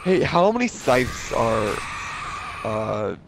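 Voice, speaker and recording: A man with a sore, hoarse throat chats over a video game, his voice rough and gravelly with fry. He talks in halting fragments and restarts, laughing along with his friend. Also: mid-range voice, very animated, background noise. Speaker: co-host playing a video game. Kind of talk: casual gameplay chat.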